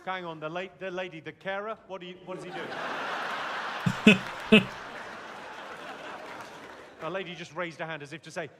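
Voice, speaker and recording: A man's voice: high voice, fairly quick, pauses often, background noise. A man doing stand-up crowd work at a comedy club, brash and sweary, teasing the audience. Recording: live club, loud crowd laughter.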